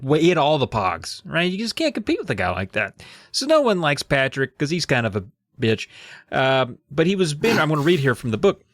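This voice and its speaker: Man, comedy podcast co-host, playful, sweary asides, animated pitch, dry close sound. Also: no room sound. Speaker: podcast co-host reading a kids' book. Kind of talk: comedic book recap and reading.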